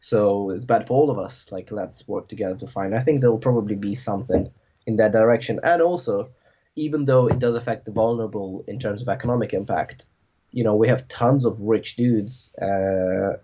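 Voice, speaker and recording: A man's voice: lowish voice, normal speed, mellow, slightly rough, dull audio. A man hosting a podcast in casual conversation, rambling with lots of filler words. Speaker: podcast host.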